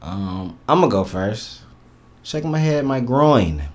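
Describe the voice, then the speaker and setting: A man's voice: mid-range voice, sing-song, takes it slowly, darkish tone. A man hosting a casual podcast with friends, loose and laid-back, often trailing off mid-sentence. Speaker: podcast host.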